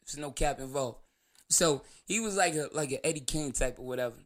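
A man's voice: a little high, fairly quick, fairly bright tone. Rambling man telling a story. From New York. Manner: rambling, laughs through the story, loose profanity. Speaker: show host. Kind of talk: casual storytelling monologue.

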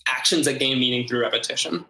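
A man with a bright, forceful voice explains his ideas earnestly, often repeating words for emphasis. He talks as an interview guest. The room around him rings with a noticeable echo. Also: medium pitch, fast talker. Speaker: guest, ritual designer. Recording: roomy echo.

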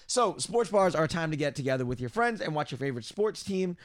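A man's voice: on the high side, big pitch swings, fast talker, no room sound. A man co-hosting a casual podcast, reading trivia from his notes with rambling asides. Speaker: podcast co-host. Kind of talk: casual chat.

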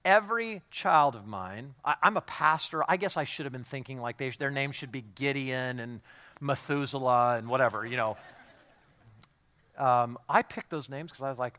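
A middle-aged man, a pastor, preaching a sermon in a lively, joking way and acting out voices of the people he talks about. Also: mid-range voice, moderate pace. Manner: animated, jokey, acts out quoted voices.

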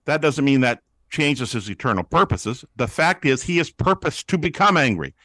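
Male guest, teaching-preacher delivery, animated quotes, dry close mic. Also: mid-range voice, moderate pace, no room sound. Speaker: guest, pastor-author on prayer. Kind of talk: teaching interview answer.

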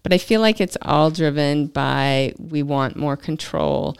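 A woman's voice: low-pitched, a little slow, gravelly, clear, resonant tone, no room sound, studio quality. A woman hosting a podcast interview, talking carefully and hesitantly, often trailing off. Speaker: podcast host.

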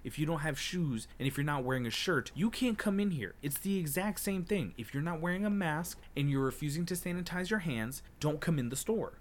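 A man's voice: fairly high pitch, expressive, brisk, few pauses. Fired-up young man ranting on a podcast. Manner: heated, profane storytelling, acting out his own retorts. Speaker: podcast co-host. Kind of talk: casual podcast chat.

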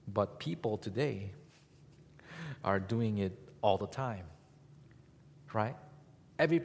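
Husky-voiced male pastor preaching in a reverberant hall. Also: medium pitch. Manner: animated preaching with rhetorical questions to the congregation. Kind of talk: sermon.

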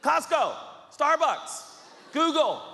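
A man from the Pacific Northwest preaching a sermon, animated, acting out quotes and swinging between shouts and hushed lines. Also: extremely high pitch, slow, gravelly. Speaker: pastor. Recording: reverberant hall.

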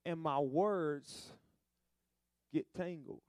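A man preaching a sermon in a call-and-response style, moving between soft asides and loud, stretched-out emphasis. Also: fairly high pitch, very slow, no echo, studio quality.

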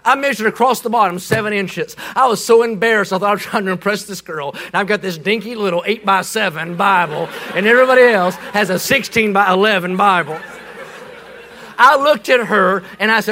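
Man, preacher, comic storytelling, animated, shouts for emphasis. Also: high voice, fairly quick. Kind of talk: humorous sermon storytelling.

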